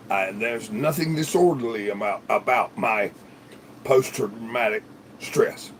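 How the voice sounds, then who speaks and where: A man's voice: lowish voice, measured pace, slight background noise. A man hosting a livestream in casual, rambling chat, swearing freely and laughing often. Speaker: livestream host. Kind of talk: casual live-stream chat.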